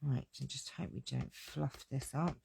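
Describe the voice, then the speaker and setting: A woman's voice: rumbling low, steady tone, normal speed, gravelly, noisy background. Gushing woman demonstrating card crafts. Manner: gushing, exclamatory, talks to viewers. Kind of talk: live crafting tutorial chat. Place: home craft desk.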